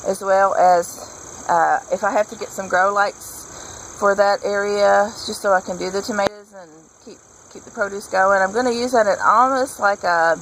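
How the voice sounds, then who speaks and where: A woman's voice: lowish voice, a bit bright, a little hiss or hum, low-quality recording. A woman vlogger chatting casually and enthusiastically while she works on a patio garden, rambling from one thought to the next. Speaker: homesteading vlogger.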